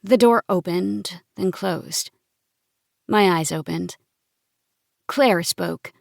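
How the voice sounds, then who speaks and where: A woman reading a first-person novel as an audiobook narrator, in a calm, measured storytelling manner. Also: lowish voice, creaky, no echo, clean studio sound.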